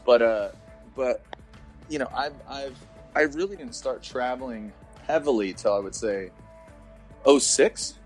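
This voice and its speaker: A man's voice: medium pitch, measured pace, long pauses, faint music behind. A man in his forties, a motorsport announcer chatting as a podcast guest, rambling and restarting his sentences with plenty of jokes. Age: 40s. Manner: rambling, self-interrupting, joking. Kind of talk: casual chat.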